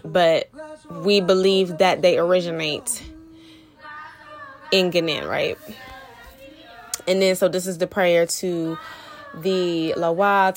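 A young woman talking loosely and casually to her followers, using lots of slang and fillers, slightly out of breath. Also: lowish voice. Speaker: Vodou practitioner and spiritual mentor. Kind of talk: casual vlog talk to viewers.

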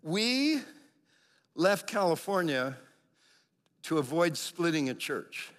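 A middle-aged man preaching, a pastor telling a lively personal story in sermon style. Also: takes it slowly. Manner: animated storyteller, acts out quotes with big pitch jumps.

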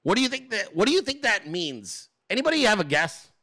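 High, bright-voiced man ranting sarcastically. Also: sing-song, brisk. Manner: profane, sarcastic, mocking rant; asks the audience rhetorical questions. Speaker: political commentator, show host. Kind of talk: livestream political commentary.

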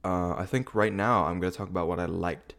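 Rambling young man with a low voice. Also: fairly even intonation, brisk, gravelly, fairly bright tone. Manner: rambling, swearing, laughing often. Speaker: video podcast host. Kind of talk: casual rewatch commentary. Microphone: camera setup.

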